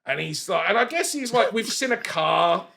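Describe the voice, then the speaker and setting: A man in his forties with a high voice that has a gravelly edge. He talks as a podcast guest, telling stories animatedly, swearing freely and laughing as he goes. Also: animated, moderate pace, crowd noise. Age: 40s. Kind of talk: casual storytelling chat.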